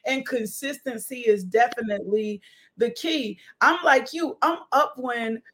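A woman hosting a faith podcast, her voice sitting a little high. She speaks in an emphatic, preachy way and repeats key phrases for effect. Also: a little slow, fairly bright tone. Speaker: host and ministry leader. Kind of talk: casual faith podcast conversation.

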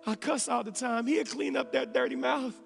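A man preaches in a high, gravelly voice, driving home his points in repeated phrases. He drops to near-whispers and then climbs to shouts. The sound rings with the long reverb of a church hall, with faint music underneath. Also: fairly even intonation, moderate pace. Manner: swings between hushed whispers and shouting; emphatic, repetitive preaching cadence. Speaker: pastor. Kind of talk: sermon.

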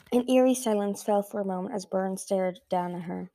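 A woman's voice: medium pitch, a little fast, few pauses, warm tone. A woman narrating a fantasy novel chapter as an amateur audiobook, reading carefully and often correcting herself. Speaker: audiobook reader.

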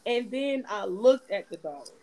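A woman's voice: unhurried, poor audio. A young adult woman hosting a podcast, telling a story in casual, profane chat and acting out every quote. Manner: animated, profane, acts out quotes with big pitch jumps. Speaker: podcast host.

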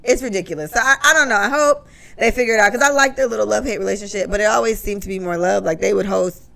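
A woman's voice: medium pitch, quick pace, vocal fry, fairly bright tone. A woman co-hosting a casual podcast, talking bluntly and profanely and giving strong opinions. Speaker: podcast co-host.

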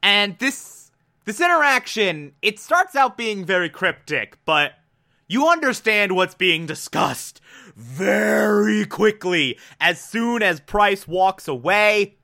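A man with a high, bright voice gives a casual recap of a TV episode. He talks slowly and deliberately, then bursts into loud, emphatic exclamations. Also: big pitch swings, vocal fry.

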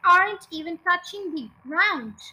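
A woman's voice: extremely high pitch, lively intonation, measured pace, pushed and bright, exaggerated voice, low-quality recording. A woman reading a children's book aloud, voicing a cruel, scheming old man who taunts his wife. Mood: taunting. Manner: gloating, taunting.

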